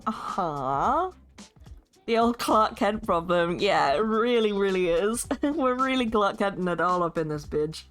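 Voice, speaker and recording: A woman's voice: mid-range voice, expressive, a little slow, faint music behind. A woman streaming herself as she plays and narrates a story game, playful and jokey, laughing often. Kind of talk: narrating and playing a game live.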